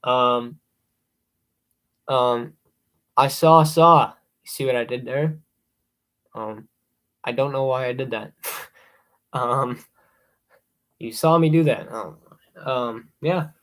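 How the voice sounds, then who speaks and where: A young man hosting a casual live stream, rambling with many ums and excited asides. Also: mid-range voice, takes it slowly, pauses often. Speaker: livestream host ranking horror films.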